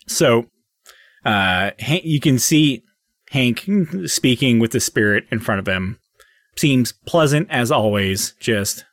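A man narrating a tabletop game as dungeon master, casual and halting with fillers. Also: mid-range voice, expressive, fairly bright tone, dry recording, clean studio sound.

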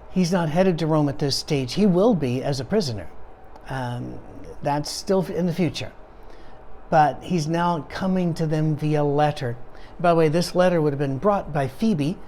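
A man's voice: on the high side, moderate pace, darkish tone, slight background noise. A man, a pastor, leading a conversational Bible study, sounding tired and rambling from point to point with many fillers and restarts.

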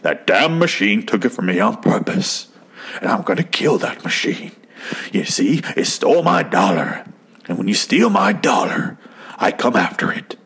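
A man doing an impression of a famous actor's voice for an obsessed man threatening a machine, slow and brooding. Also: on the low side, sing-song, a bit bright, breathy edge, heavily acted. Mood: menacing. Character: obsessed middle-aged man, menacing, gravel-voiced drawl.

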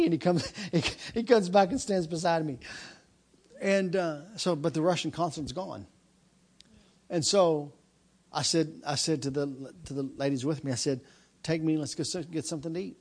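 A man preaching a sermon, telling a personal story and then building into a loud, repetitive preaching cadence. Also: on the high side, normal speed, breathy edge.

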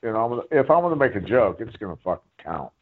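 A man guest telling a rambling story in a profane, animated way during a casual chat. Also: on the low side, very fast, slight background noise. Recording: phone-like line.

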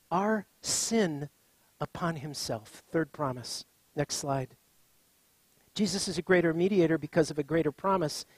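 Middle-aged man, pastor in the pulpit, impassioned sermon delivery with big loud-to-soft swings, dry close sound. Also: fairly high pitch, husky, no room sound.

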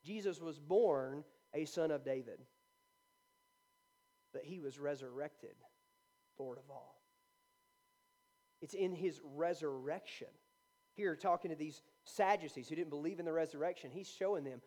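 A man preaches a sermon in a relaxed, conversational way, with frequent restarts and fillers. His voice sits a little high for a man. His tone is dark and mellow. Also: measured pace, long pauses. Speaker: pastor.

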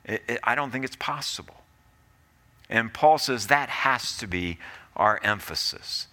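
A man's voice: medium pitch, lively intonation, measured pace, pushed and bright. A male pastor preaching a sermon in an earnest, pleading way, often repeating his phrases.

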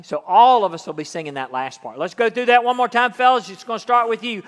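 A man's voice: high-pitched, sing-song, fairly quick, hardly any pauses, fairly bright tone. A man preaching as pastor, reading scripture with drama and leading his congregation through a song. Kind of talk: sermon. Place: church sanctuary. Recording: long hall reverb.

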